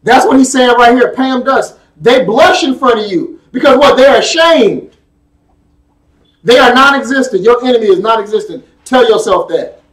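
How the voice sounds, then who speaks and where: A man's voice: extremely high pitch, expressive, moderate pace, fairly bright tone. A man preaching a sermon and reading scripture, emphatic and conversational, drawing call-and-response from his congregation. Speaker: pastor. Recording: echoey room, speaker far from the mic.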